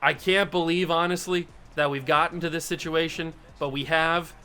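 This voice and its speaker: Young male gaming host, smooth clear tone, excitable and self-deprecating running commentary. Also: a little high, moderate pace, soft background music. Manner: excitable, self-mocking, swings between groans and yelps. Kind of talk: casual gameplay commentary.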